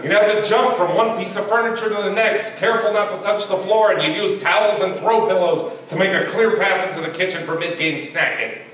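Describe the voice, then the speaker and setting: A man's voice: high voice, fairly quick, hardly any pauses. A young man doing a stand-up comedy set, telling stories and acting out the people in them. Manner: animated storytelling, acting out quoted people. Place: comedy venue. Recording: roomy echo from a distance.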